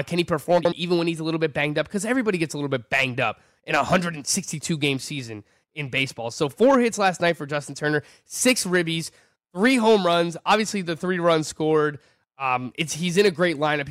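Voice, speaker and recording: A man co-hosting a fantasy baseball podcast, talking through player stats in an animated, argumentative casual chat. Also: a little high, a little fast, no room sound. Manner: animated, argumentative, stat-heavy. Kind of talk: casual sports analysis chat.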